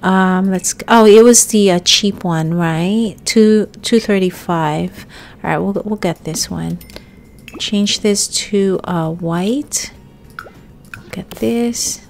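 A young woman giving casual let's-play commentary, chatting to her character and viewers and bursting into excited yelps. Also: mid-range voice, slow, creaky, a little hiss or hum. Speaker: gaming YouTuber.

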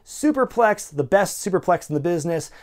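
A man hosting a wrestling review show, talking in a wry, excitable way and swearing freely. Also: sits high, a little fast. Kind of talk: casual recorded review narration.

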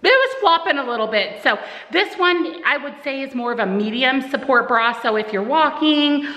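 A woman's voice: high voice, lively intonation, normal speed, pushed and bright. A woman in her thirties chatting casually to her viewers in an upbeat vlog, filming herself at home. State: out of breath after a workout. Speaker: lifestyle vlogger. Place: home garage and kitchen.

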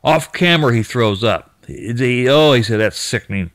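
A man's voice: mid-range voice, lively intonation, normal speed, no room sound. A man casually retelling what another person found in an abandoned store, rambling with restarts and mild cursing. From United States. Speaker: YouTube storyteller.

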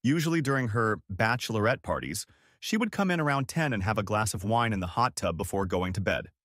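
Guy reading a dramatic audiobook story, expressive, dry studio sound. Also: mid-range voice, dry recording. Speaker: audiobook narrator. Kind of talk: first-person dramatic story narration.

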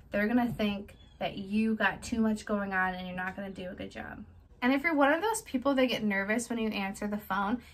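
A woman's voice: mid-range voice, a bit bright, poor audio. A woman, a small business owner, giving direct, chatty tips in a casual how-to vlog. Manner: direct, chatty, plain-spoken.

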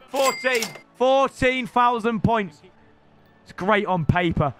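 Excitable young British man streaming gameplay. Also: high-pitched, unhurried, soft background music. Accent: British English. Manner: excitable, shouty, banters with chat. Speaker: gaming streamer. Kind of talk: live gameplay commentary.

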